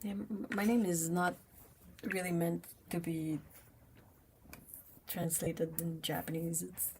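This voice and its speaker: A woman's voice: lowish voice, little pitch movement, slow, slight background noise. Playful woman chatting while she paints. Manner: chatty and playful, reads and answers viewer comments; laughs often, drops into soft half-whispered asides. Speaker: livestream host painting and chatting with viewers. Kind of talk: casual chat while painting.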